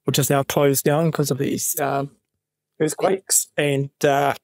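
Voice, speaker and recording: A middle-aged man with a New Zealand accent, a guest actor on a podcast, telling animated anecdotes in a casual chat with voiced quotes of other people. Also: a little high, takes it slowly, no echo, studio quality.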